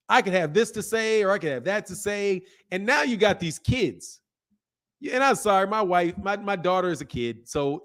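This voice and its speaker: A high-voiced man speaking hosts a casual livestream. He reads viewer comments aloud and answers them bluntly, with profanity, laughter and animated asides. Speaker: boxing channel host.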